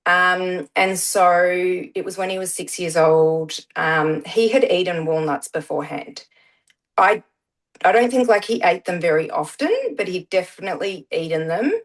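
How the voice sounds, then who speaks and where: Chatty middle-aged woman, low voice. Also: normal speed, low-quality recording. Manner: chatty, many "um" fillers. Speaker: guest, parent. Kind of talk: casual interview storytelling.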